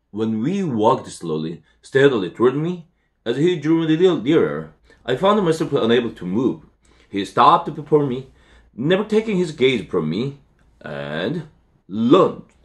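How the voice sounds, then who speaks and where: A man's voice: mid-range voice, big pitch swings. Man reading a storybook aloud. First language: Korean. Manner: unhurried, with self-corrections and fillers. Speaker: English teacher. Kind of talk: reading a children's novel aloud.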